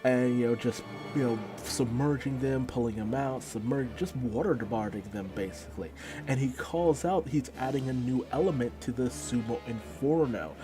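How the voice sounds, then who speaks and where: A man's voice: mid-range voice, normal speed, over music. A man casually recapping and reviewing a manga chapter in a loose, rambling storytelling manner.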